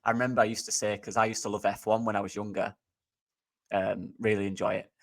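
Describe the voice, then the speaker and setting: Low-voiced upbeat football coach. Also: male voice, flat delivery, quick pace, a bit bright. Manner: upbeat, chatty, says mate a lot. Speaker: football coach and podcast co-host. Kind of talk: casual football podcast chat.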